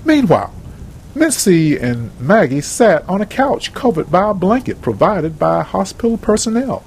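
A man's voice: sits high, very animated, normal speed, slight background noise, poor audio. A man reading a story aloud in a plain, earnest storybook narration.

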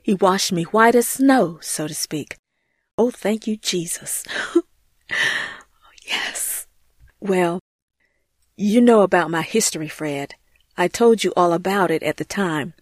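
A woman's voice: fairly low pitch, a little slow, dry recording, studio quality. A woman voicing an earnest, grateful churchgoing woman in an amateur audio drama, speaking heartfelt and sincere. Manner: heartfelt, earnest, often says his name.

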